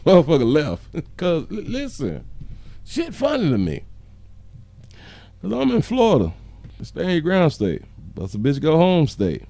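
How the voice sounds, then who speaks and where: A man's voice: a little high, wildly swooping pitch, measured pace, vocal fry, pauses often, dark tone. A man hosting a casual live stream, reading viewer comments aloud and joking with a frequent chuckle. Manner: chuckles often, loose and joking.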